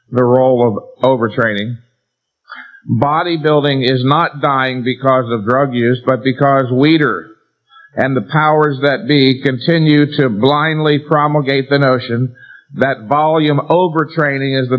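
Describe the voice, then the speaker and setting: A man giving a live seminar lecture to an audience, emphatic, stressing key words and answering his own rhetorical questions. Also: medium pitch. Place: seminar room before an audience. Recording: dull lo-fi 1990s seminar tape.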